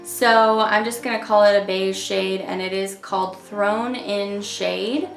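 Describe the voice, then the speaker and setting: A woman's voice: mid-range voice, level tone, moderate pace, gravelly, roomy sound, faint music behind. A woman talking casually and enthusiastically as she reviews nail polish shades, with chatty fillers.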